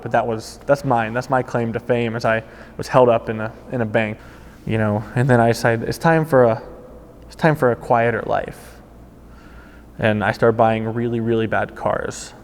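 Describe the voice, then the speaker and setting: A man and former car salesman telling a personal anecdote in a casual, animated way, acting out the people he quotes. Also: medium pitch, long reverb tail.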